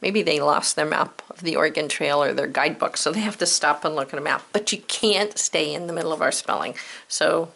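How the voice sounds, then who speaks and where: A woman teacher talks young pupils through a spelling worksheet in a playful, encouraging way, slowing down to sound out each letter. Her voice sits a little low but has a bright, forward tone. A gravelly fry runs through it. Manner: upbeat, playful, encouraging, sounds words out slowly. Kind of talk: children's spelling lesson.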